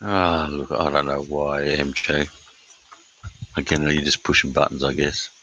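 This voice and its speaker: Middle-aged aussie guy streaming, super deep voice, dry mic, swears a lot, lots of uhs. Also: level tone, pushed and bright, dry recording, poor audio. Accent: Australian. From Australia. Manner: blunt, swears often, many filler pauses. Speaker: livestreamer reading chat. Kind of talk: casual live-stream chat.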